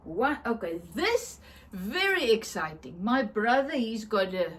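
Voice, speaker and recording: Slow, high-voiced woman. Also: sing-song. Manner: chatty, enthusiastic, laughs often, searches for words. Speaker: craft vlogger. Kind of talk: casual show-and-tell.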